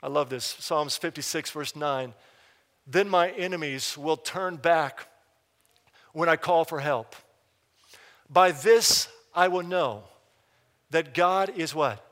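A man preaching a sermon as pastor, reading scripture slowly and swinging from loud urgent bursts to hushed emphasis. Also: on the high side. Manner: reads scripture slowly and deliberately. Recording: live hall reverb.

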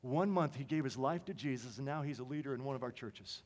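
A man preaching a sermon with passion, swinging from emphatic lines to quiet ones. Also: mid-range voice, fast talker. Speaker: pastor. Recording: long reverb of a large hall.

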